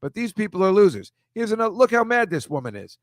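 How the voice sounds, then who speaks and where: A man's voice: high voice, very animated, quick pace, no echo, studio quality. Man ranting casually over pictures. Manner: exasperated, ranting with asides. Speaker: comedy show host.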